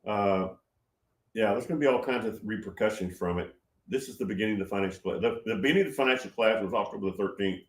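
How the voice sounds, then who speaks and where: Excitable 71-year-old man in an echoey room. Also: lowish voice, fast talker. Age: 70s. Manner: gets loud and excited, many restarts. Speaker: livestream host answering chat. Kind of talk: casual livestream talk.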